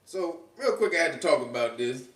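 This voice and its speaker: A man hosting a podcast in casual commentary, animated and slangy, laughing often. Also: mid-range voice, a little fast. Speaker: podcast host. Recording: echoey room, distant from mic.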